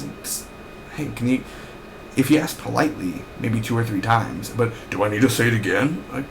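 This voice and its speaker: A man's voice: mid-range voice, expressive, normal speed, gravelly, crowd noise. A young man reviewing a TV episode in a casual recap, rambling and ranting with lots of fillers and restarts.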